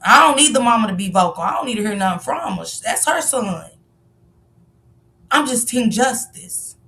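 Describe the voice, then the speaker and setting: A woman's voice: on the high side, animated, normal speed, sharp tone, recorded from a distance. A woman giving passionate live-stream commentary, firing off rhetorical questions and sometimes raising her voice. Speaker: livestream commentator.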